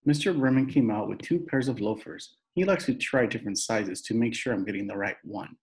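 A man reading a children's chapter book aloud in a plain, steady narrating voice. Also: fairly low pitch, a little fast. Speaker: reader.

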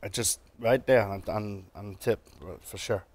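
A man with a New England accent co-hosting a casual chat, relaxed and halting with lots of fillers. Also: lowish voice, dry recording. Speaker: podcast co-host.

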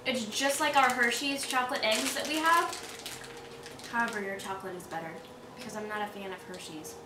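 A woman from the United States with a slightly high voice chats eagerly through a candy taste test, sometimes talking with her mouth full. She sits back from a camera mic in an echoey home room. A clear hiss runs under everything. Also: a little fast, recorded from a distance. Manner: eager and enthusiastic, talking while chewing. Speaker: channel host. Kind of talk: casual taste-test chat.

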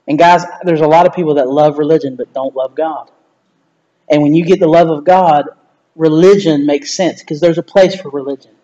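A pastor preaching a sermon in an animated, conversational way, acting out quoted lines as he goes. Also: on the high side, normal speed, dull audio.

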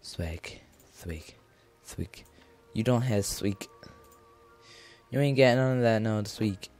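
A man's voice: lowish voice, takes it slowly, darkish tone, faint music behind. A young man streaming a game, rambling goofily, humming and singing to himself. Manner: rambling, goofy, hums and sings to himself. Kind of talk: casual gameplay commentary.

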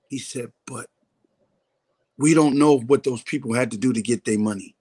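In a casual interview, a man who works as a comedian shares a story frankly, cursing freely and acting out the voices he quotes. He talks at a moderate pace in a medium-pitched, dark, slightly rough voice.

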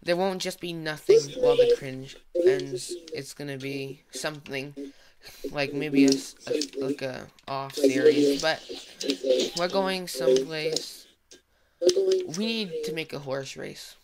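A man's voice: on the high side, very animated, unhurried, a crowd in the background. A boy gamer chatting casually during a let's-play, taking charge of the plans. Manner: bossy, decisive planner. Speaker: gamer host.

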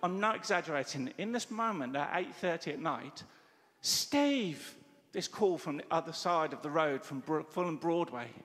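A middle-aged man preaching a sermon, telling stories with lively quoted dialogue. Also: fairly high pitch, brisk, hardly any pauses. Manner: animated storytelling with quoted dialogue. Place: church hall. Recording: church hall reverb.

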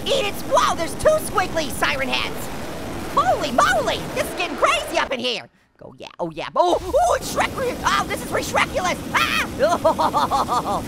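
A gaming channel host voices a hyper, squeaky, wisecracking male orange, doing cartoon let's-play commentary fully in character. The creaky male voice is full of puns, giggles and constant exclamations, and the recording is very noisy.

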